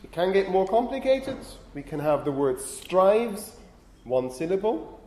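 Sing-song and high-pitched, this slightly slow, somewhat mellow man is a university lecturer explaining phonetics. His frequent "okay?" checks and scolding of talkative students echo through a lecture hall with faint room noise.

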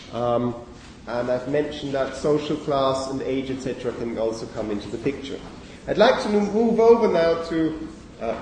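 A male lecturer talks through phonetics in a large lecture hall, picked up from a distance with a long, roomy echo. His voice is dark and mellow and sits a little high for a man. He explains patiently and keeps checking in with the class. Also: a little hiss or hum. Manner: explanatory, addresses students with frequent okays.

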